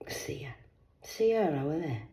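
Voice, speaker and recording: A woman from Cornwall, talking alone to camera in a rambling, profane monologue that veers between hushed whispers and loud outbursts. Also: deep voice, big pitch swings, moderate pace, rough recording. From Cornwall, England.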